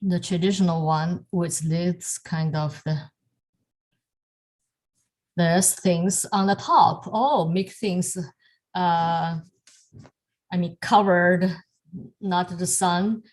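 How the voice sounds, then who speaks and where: A woman with a lowish voice teaches calligraphy over a video call at an unhurried pace. She talks in halting pieces and often stops to restart a thought. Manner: halting, many fillers and restarts, soft laughs. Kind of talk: online lesson demonstrating strokes.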